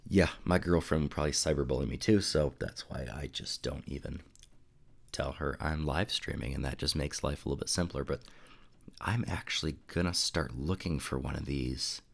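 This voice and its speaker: Young male streamer, very low gravelly voice, congested, loose rambling chat. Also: moderate pace. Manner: relaxed, rambling, reads chat aloud. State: congested, sniffling. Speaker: photography live streamer. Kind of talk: casual live stream chat. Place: home desk room.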